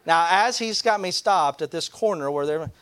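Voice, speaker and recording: A man's voice: a little high, normal speed, clean tone. A man who is a pastor telling a funny personal story, acting out the people in it. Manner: animated storyteller, acts out other people. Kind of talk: storytelling sermon.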